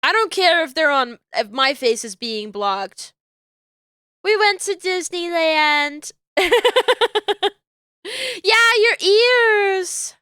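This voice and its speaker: A woman's voice: high-pitched, lively intonation, slow, bright, forceful tone, dry recording, clean studio sound. A young woman streamer chatting casually and swearing freely as she rambles. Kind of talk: casual livestream chat.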